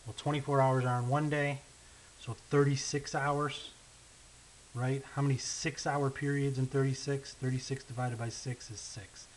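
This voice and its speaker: A man's voice: medium pitch, poor audio. Patient man teaching math aloud. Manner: patient, checks in with frequent "okay?" and "right?"; thinks aloud while writing, slows down on key numbers. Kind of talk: recorded lesson walkthrough. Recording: faint hiss.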